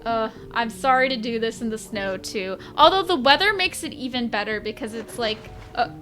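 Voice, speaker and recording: A woman's voice: on the high side, big pitch swings, takes it slowly, pushed and bright, faint music behind. A young woman streamer chatting casually and giggling through live gameplay commentary, talking to her chat.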